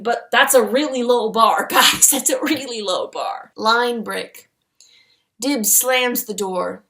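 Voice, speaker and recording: A woman's voice: medium pitch, creaky, fairly bright tone. Wry woman mocking her own writing. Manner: wry, self-mocking, sarcastic. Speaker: fanfiction author reviewing her own story. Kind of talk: comedic commentary and reading aloud.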